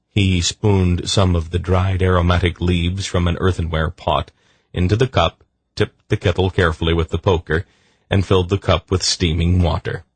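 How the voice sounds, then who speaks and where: A man reading a fantasy novel aloud as an audiobook narrator, measured and gentle. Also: sits low, little pitch movement, breathy edge, no room sound. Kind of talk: scripted narration.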